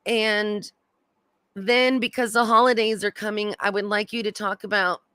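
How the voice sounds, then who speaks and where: A woman hosting a podcast, asking her guest questions in a warm, encouraging way. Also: mid-range voice, little pitch movement, normal speed, clear, resonant tone, no room sound, clean studio sound. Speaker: podcast host. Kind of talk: interview questions.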